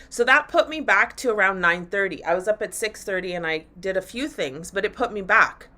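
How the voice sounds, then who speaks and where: A woman hosts a live motivational talk for her listeners. Her voice is bright and forceful, and she speaks candidly and with animation, dropping swear words freely along the way. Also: mid-range voice, a little fast, few pauses. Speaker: podcast host and women's coach.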